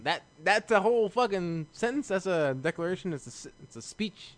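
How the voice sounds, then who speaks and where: Dude cohosting a podcast, rambles and swears, keeps cracking up. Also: male voice, high voice, animated, brisk. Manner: rambling, profane, laughs often. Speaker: podcast co-host. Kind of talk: casual banter.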